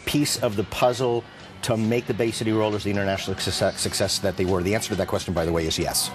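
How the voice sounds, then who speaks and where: A man's voice: on the low side, steady tone, quick pace, over music. A man hosting a morning TV interview, playful and teasing, laughing often. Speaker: TV host.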